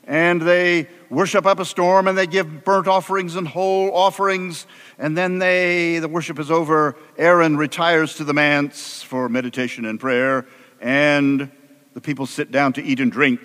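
A man preaching a sermon as an animated, humorous storyteller with a conversational delivery. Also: on the high side, normal speed, long reverb tail.

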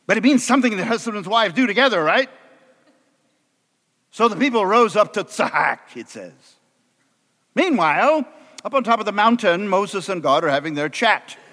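Animated, joking male preacher. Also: a little high, long reverb tail. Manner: animated, humorous, conversational. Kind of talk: storytelling sermon.

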